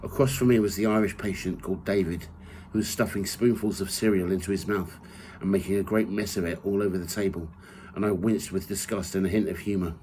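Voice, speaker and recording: A man reading from his own memoir in the first person, measured and steady. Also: low voice, slight background noise, low-quality recording. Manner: measured reading, rising loud for quoted shouts.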